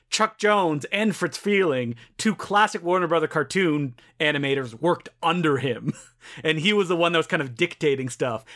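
A man with a fairly high voice, co-hosting a relaxed podcast. Easygoing and chatty, he laughs readily as he talks through cartoon history. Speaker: podcast co-host. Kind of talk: casual film-discussion chat.

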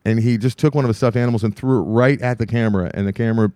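A man in his thirties, co-hosting a podcast, telling an animated story in casual chat and acting out both sides of a conversation. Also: medium pitch, very fast, no room sound, studio quality. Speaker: podcast co-host.

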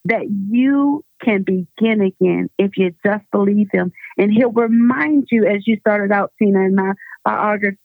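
A woman's voice: mid-range voice, moderate pace, creaky, few pauses, dry recording. A woman guest giving an earnest, fervent faith testimony over a phone call. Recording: tinny phone line.

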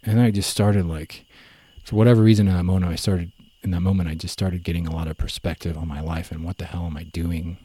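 A young man telling his story in a relaxed, rambling way, full of fillers and self-corrections. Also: low voice, quick pace, few pauses, husky. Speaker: guest. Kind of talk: casual conversational storytelling.

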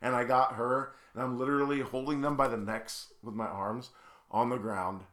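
A man's voice: mid-range voice, moderate pace, echoey room. A man co-hosting a podcast, telling casual stories animatedly and laughing along. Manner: animated, laughs through his own stories. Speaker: podcast co-host. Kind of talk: casual chat, storytelling.

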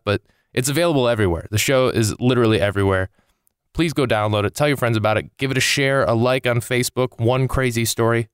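A young man delivers a loose, rambling comic rant into a close microphone, swinging between exasperation and easygoing asides. His voice is smooth and resonant, and the recording is dry with no room sound around it. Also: mid-range voice, no echo. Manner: exasperated ranting, swearing, rambling. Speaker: comedian podcast host. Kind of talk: casual comedic monologue.

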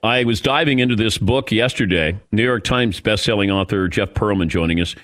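A man hosting a sports talk radio show, introducing a guest and asking brisk questions. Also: fairly low pitch, fairly bright tone.

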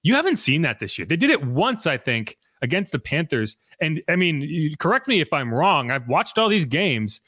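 Brisk man hosting a sports podcast, dry sound. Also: fairly high pitch, big pitch swings, a bit bright, dry recording. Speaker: podcast host.

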